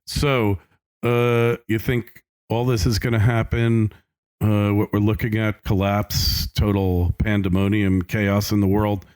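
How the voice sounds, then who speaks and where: A man's voice: fairly low pitch, level tone, a little slow, a little mellow, clean tone. A man hosting a financial podcast interview, agreeable and easygoing, with plenty of fillers. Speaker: podcast host.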